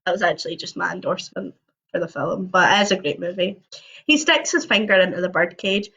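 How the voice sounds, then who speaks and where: A woman's voice: fairly low pitch, brisk, pushed and bright, slightly rough. A woman reading an interactive story aloud at home, with chatty, jokey asides between passages. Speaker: storybook reader on a livestream. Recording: dull lo-fi livestream audio.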